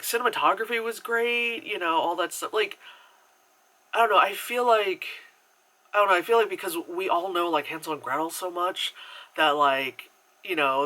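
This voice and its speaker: A man's voice: a little high, pushed and bright, rough recording. A man giving a casual spoken movie review at home, rambling with lots of fillers and the odd casual swear. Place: at home, indoors.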